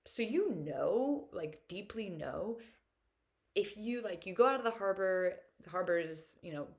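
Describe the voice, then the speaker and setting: A woman's voice: medium pitch, animated, unhurried. Chatty, upbeat young woman. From United States. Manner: chatty and upbeat, full of "like" fillers; earnest and openly emotional at times. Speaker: vlogger. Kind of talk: casual reflective monologue.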